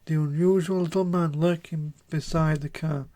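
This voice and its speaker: A man streaming a video game live, reading its text aloud and thinking out loud in a halting way. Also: fairly high pitch, steady tone.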